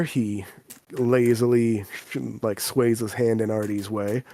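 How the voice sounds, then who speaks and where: A man's voice: fairly low pitch, level tone, slow pace, mellow. A man narrating a tabletop game as the game master, in plain storytelling.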